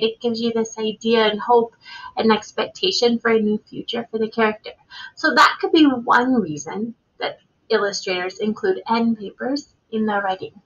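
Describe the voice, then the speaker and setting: Bright-voiced woman teacher reading aloud. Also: on the high side, breathy edge, highs cut off. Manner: expressive read-aloud with questions and pauses. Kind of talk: recorded reading lesson for children.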